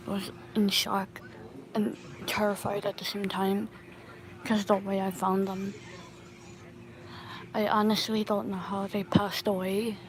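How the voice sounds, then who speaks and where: Slow, halting woman telling a story. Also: medium pitch, noisy background. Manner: halting, with many restarts and pauses. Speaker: storytime vlogger. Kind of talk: casual storytelling.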